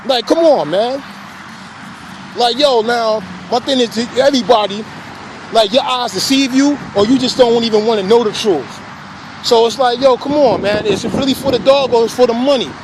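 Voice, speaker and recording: A man's voice: high voice, slight background noise, poor audio. A man who breeds dogs, talking in a casual, emphatic rant full of profanity and repeated fillers. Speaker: dog breeder.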